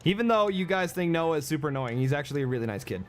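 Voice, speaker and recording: A man's voice: a little high, animated, racing, slight background noise. A man giving brash, joking game livestream commentary and coaching his viewers. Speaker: game streamer.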